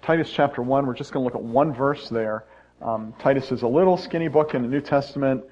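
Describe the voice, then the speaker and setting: A man's voice: mid-range voice, a little fast, a little mellow. A pastor in his sixties preaching a sermon to his congregation, telling personal stories in a folksy, conversational way with self-deprecating humor. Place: church sanctuary. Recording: dull, muffled sound.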